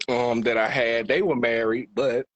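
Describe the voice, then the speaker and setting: A man calling into an online chat, speaking haltingly and thoughtfully, with many fillers. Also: medium pitch, fairly even intonation, dry recording, lo-fi sound. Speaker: caller. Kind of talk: casual chat.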